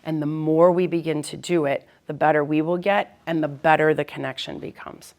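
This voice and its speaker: Woman, low voice, gravelly edge, counselor presenting to parents, conversational and practical. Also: fairly even intonation, moderate pace, darkish tone. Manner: conversational, practical, checks in with "right?". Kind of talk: parent education talk.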